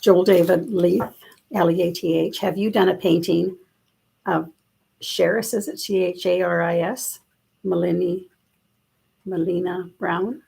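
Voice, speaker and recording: A woman's voice: lowish voice, fairly even intonation, a little slow, gravelly, pauses often, dark tone, slightly rough, rough recording. A woman co-hosting a casual live-stream chat, teasingly reading out viewers' questions. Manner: teasing, reads out comments.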